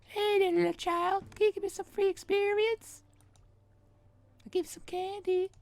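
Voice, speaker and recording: A man putting on a high, breathy voice for a creepy adult man coaxing a child in a game video. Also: little pitch movement, moderate pace, dry recording.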